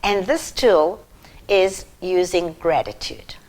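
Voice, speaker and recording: Slow, measured woman teaching parents. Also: on the low side, a little mellow, poor audio. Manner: measured and emphatic, with long pauses between phrases. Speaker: parenting educator. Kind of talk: slow, deliberate educational talk to parents.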